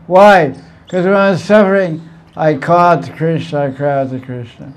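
A man's voice: on the high side, normal speed. A man giving an informal spiritual talk, telling stories with playful asides and frequent chuckles. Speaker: spiritual teacher.

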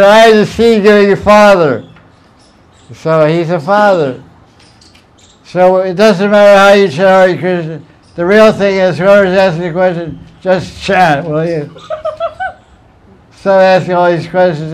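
A man's voice: high-pitched, smooth, rough recording. A man, a spiritual teacher, giving a devotional talk with verse recitation, playful and chuckling as he answers questions.

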